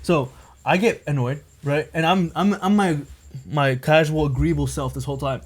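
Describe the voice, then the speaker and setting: A man's voice: fairly high pitch, normal speed. A young man on a podcast telling a long personal story in casual chat, rambling and packed with filler words. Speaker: podcast co-host.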